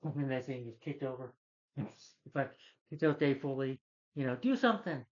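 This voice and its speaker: A man's voice: medium pitch, level tone, normal speed, a little mellow, lo-fi sound. A man retelling a film's plot in a casual, rambling review, full of fillers and restarts. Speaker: film reviewer. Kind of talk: casual spoken film review.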